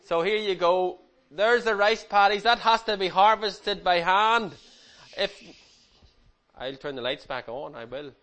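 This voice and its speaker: Middle-aged man, higher-pitched voice, relaxed chatty slideshow presenter who teases the kids. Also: a little slow. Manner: chatty, teasing, animated with the audience. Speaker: speaker presenting slides to a group. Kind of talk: informal slideshow talk to a young audience.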